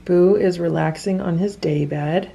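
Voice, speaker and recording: A woman narrating a casual home video about her cats, soft-spoken and often dropping to a whisper, and cooing at the pets. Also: lowish voice, steady tone, measured pace, vocal fry, husky. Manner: coos at pets in a raised voice. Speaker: cat rescue vlogger.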